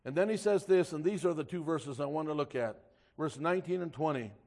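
A man preaching a sermon to his church, rising loud and slow on key words and dropping quiet when he reads scripture aloud in old-fashioned wording. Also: a little high, vocal fry.

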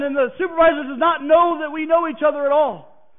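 A man preaching a personal testimony who swings from hushed, halting passages to emphatic declarations. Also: extremely high pitch, fairly even intonation. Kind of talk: sermon testimony. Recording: tinny phone-like sound.

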